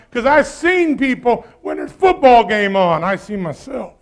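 A man's voice: extremely high pitch, big pitch swings, a little slow. A man preaching a sermon in a conversational way, often putting questions to the congregation. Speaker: pastor.

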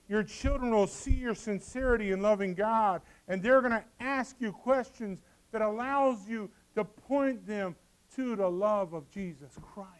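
Man, pastor, sermon, high pitched, smooth resonant voice, dramatic hushed-to-loud delivery. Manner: dramatic preaching, acting out scripture dialogue.

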